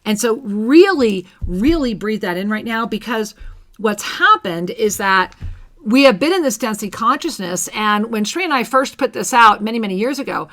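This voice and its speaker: A woman's voice: on the high side, sharp tone. A woman co-hosting a spiritual talk radio conversation, speaking in an emphatic, teacherly way. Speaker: co-host.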